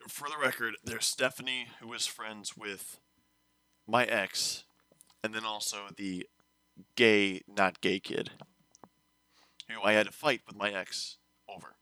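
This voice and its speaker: Bright-voiced young man rambling through a story. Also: lowish voice, unhurried, pauses often. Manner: rambling, self-correcting, animated retelling. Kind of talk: casual storytelling chat.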